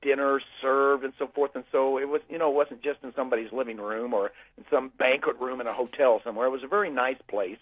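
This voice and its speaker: A man's voice: medium pitch, steady tone, quick pace, few pauses, no echo. A man from the United States talking with many fillers and restarts as he tells a long story to a host, heard over a phone line. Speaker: guest speaker. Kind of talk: conversational storytelling.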